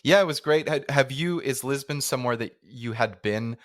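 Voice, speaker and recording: A man's voice: medium pitch, moderate pace, dry recording, studio quality. A Canadian man hosting a podcast interview, chatting casually, rambling and restarting his sentences and laughing easily. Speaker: podcast host.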